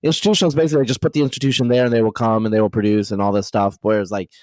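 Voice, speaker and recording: A man hosting a podcast interview, talking in a rapid, animated way with many fillers and restarts. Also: fairly low pitch, no room sound. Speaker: podcast host. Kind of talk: casual conversational interview.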